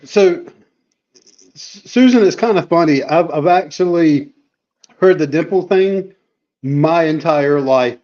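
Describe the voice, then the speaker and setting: A man's voice: fairly high pitch, slow, pauses often, a little mellow. A man co-hosting a casual livestream, joking around and telling funny stories about himself. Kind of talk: casual chat. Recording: dull lo-fi stream audio.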